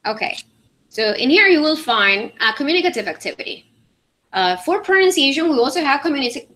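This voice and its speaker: A woman gives a conference talk about teaching pronunciation. Her voice sits a little high and sounds bright. She explains things step by step, often pausing on fillers and checking in with the audience. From Venezuela. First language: Spanish. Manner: explanatory, many fillers and "all right?" checks. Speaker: English teacher presenting. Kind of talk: conference presentation with screen demo.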